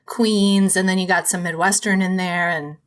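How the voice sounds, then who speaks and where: A woman's voice: fairly low pitch, fairly even intonation, moderate pace. A woman from Minnesota hosting a podcast, asking her guest questions in a friendly, chatty way and laughing often. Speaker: podcast host. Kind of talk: casual interview chat.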